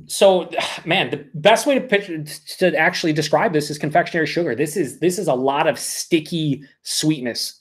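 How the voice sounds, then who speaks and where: Excitable man reviewing beer. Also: a little high. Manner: excitable, profane, emphatic. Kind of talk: live-stream beer review.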